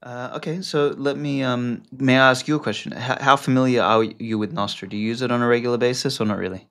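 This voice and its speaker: A man's voice: medium pitch, fairly even intonation, brisk, fairly bright tone. A man talking as an interview guest, loose and rambling, with lots of fillers and casual swearing. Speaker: podcast guest.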